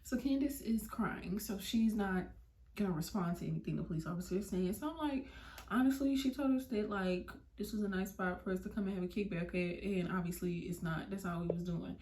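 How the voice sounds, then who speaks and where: A young woman vlogger telling a story, animated and slangy. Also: medium pitch, brisk, slight background noise. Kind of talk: storytime vlog. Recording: roomy, mic at a distance.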